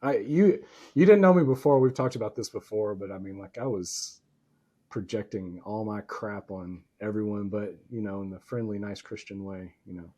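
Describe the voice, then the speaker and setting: Mellow-voiced man, rambling guest. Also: lowish voice, normal speed, highs cut off. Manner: rambling, self-deprecating. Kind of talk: casual conversation.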